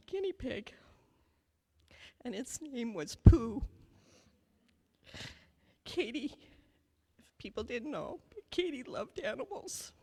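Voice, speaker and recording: A woman giving a heartfelt family eulogy at a memorial, telling stories slowly. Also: sits high, warm tone, breathy edge. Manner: heartfelt, slow storytelling. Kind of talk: memorial remembrance speech. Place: memorial gathering hall. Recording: long hall reverb.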